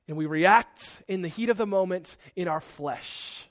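A man preaching a sermon, animated and quick to act out angry outbursts, with self-correcting asides. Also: sits high.

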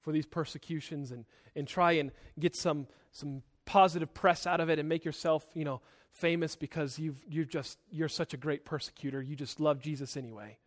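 A young man preaching a sermon, emphatic, moving between loud and soft passages and often repeating words as he starts a sentence. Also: a little high, steady tone, moderate pace, hardly any pauses. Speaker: pastor.

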